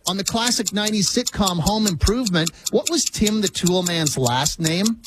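High-voiced guy running a radio quiz, quick and playful, noisy broadcast sound. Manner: brisk, playful quizmaster. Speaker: radio show host. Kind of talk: radio quiz show hosting.

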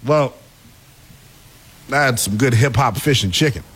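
A man co-hosting a casual podcast, teasing his friends in an animated way. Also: mid-range voice, unhurried, husky. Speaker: podcast co-host. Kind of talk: casual chat.

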